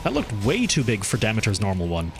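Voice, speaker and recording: A man streaming a game, chatting casually and thinking aloud as he plays, with his pitch jumping up when something surprises him. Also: wildly swooping pitch, fast talker, over music. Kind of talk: casual gameplay commentary.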